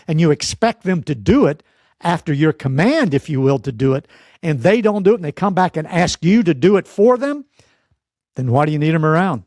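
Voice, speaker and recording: A man teaching in an earnest, exhorting sermon style, fond of pointed rhetorical questions and deliberate dramatic pauses. His voice sits somewhat high for a man, and the sound is close and dry with no room echo. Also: a little mellow. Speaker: preacher and teacher.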